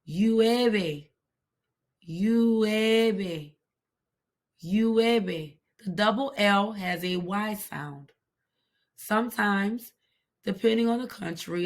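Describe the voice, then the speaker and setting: A woman teaching a language lesson, repeating each word slowly and carefully for pronunciation. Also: on the low side. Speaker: Spanish teacher. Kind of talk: slow, deliberate language lesson.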